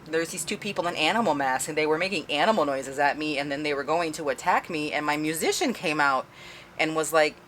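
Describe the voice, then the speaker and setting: Shaken male priest, breathless, hurried retelling, put on by a woman. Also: sits low, fairly bright tone, slight background noise. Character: shaken small-town male priest recounting an attack.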